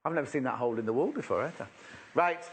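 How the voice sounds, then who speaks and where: A man's voice: mid-range voice, expressive, fast talker, breathy edge. A man presenting fabrics live on a shopping channel, chatty and rambling as he exclaims over each one. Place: TV shopping studio.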